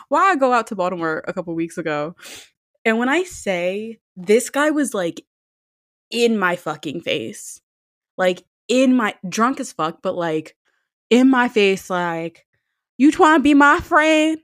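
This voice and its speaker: A woman's voice: mid-range voice, lively intonation, unhurried, fairly bright tone, no room sound, studio quality. A young woman co-hosting a casual podcast chat, telling blunt, profane stories and acting out what people said. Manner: blunt, profane storytelling with acted-out quotes.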